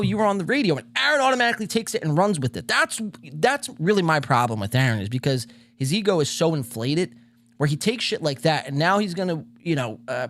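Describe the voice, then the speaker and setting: A man hosting a podcast, pausing a clip to give sarcastic casual commentary. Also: on the high side. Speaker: podcast host.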